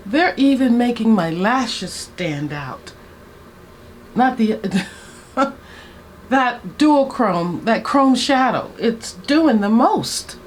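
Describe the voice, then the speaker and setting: Woman, 60s, beauty vlogger. Unhurried, gushing get-ready-with-me chat, light background hiss. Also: on the high side. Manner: chatty, excitable, talks to viewers as "guys".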